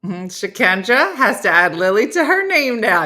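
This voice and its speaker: A woman's voice: medium pitch, sing-song, moderate pace, few pauses, bright, forceful tone. A middle-aged woman hosting a casual live chat, laughing and reading out viewers' comments. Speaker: host.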